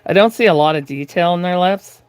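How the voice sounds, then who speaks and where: A woman's voice: lowish voice, fairly quick, smooth, dry recording. A woman chatting through a live doll-painting tutorial from her craft room at home, rambling with lots of fillers and restarts. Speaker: reborn doll artist streaming live.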